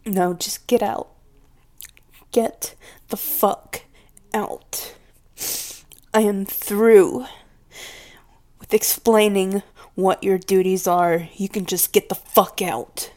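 In an audio role-play, a woman plays a possessive, volatile mistress scolding her pet, addressing the listener directly. Her medium-pitched, level voice is close to everyday speech, yet she speaks slowly and deliberately, domineering and scornful, sometimes dropping into hushed whispers.

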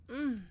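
A woman voicing a shy, war-weary female knight commander in an audio role-play, speaking hesitantly with soft fillers. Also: mid-range voice, slight background noise, close to an everyday voice.

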